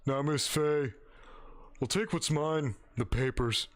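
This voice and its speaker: A man voicing a pompous, menacing male villain with slow, theatrical delivery. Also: on the high side. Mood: smug.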